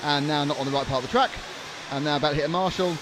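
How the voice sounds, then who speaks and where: A man's voice: on the high side, rapid-fire. A young man doing live race commentary in a joking, rambling way, often stammering and restarting. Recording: noisy trackside broadcast.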